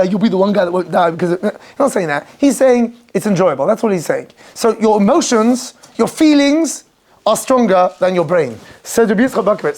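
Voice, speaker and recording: A man's voice: sits high, darkish tone. A rabbi giving an informal Torah class to students. He speaks with animation, acts out quoted voices and keeps asking rhetorical questions.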